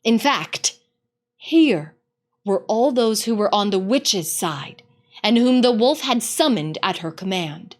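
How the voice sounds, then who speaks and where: A woman narrating a storybook read-aloud in an expressive, dramatic way. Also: medium pitch, takes it slowly.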